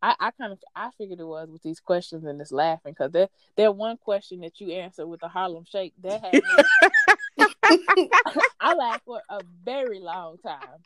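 A woman's voice: on the low side, normal speed, no room sound. A woman co-hosting a podcast, chatting casually and giggling often. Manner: giggly and animated. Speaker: podcast co-host. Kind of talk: casual chat.

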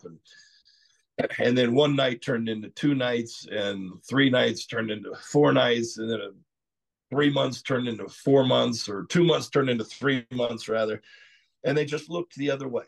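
A middle-aged man from Texas, a podcast guest telling his story candidly, rambling and clearing his throat often. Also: medium pitch, moderate pace. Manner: frequent "you know" asides.

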